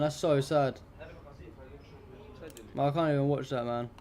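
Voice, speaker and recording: A man's voice: mid-range voice, steady tone, takes it slowly, darkish tone. A young adult man hosting a live stream, commenting on news pictures in an indignant, rambling, heavily profane way.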